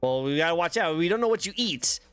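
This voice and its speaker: A man hosting a casual streamed interview, goofy and quick to laugh, stammering through jokes. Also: on the high side, animated, fairly bright tone, clear, resonant tone, no echo, faint music behind. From United States. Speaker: host.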